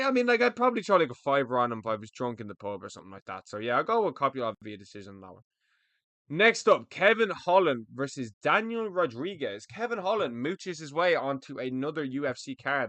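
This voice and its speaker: A man's voice: medium pitch, sharp tone, dry recording. A young man, an MMA pundit, giving casual fight predictions in a blunt way, swearing freely and repeating himself.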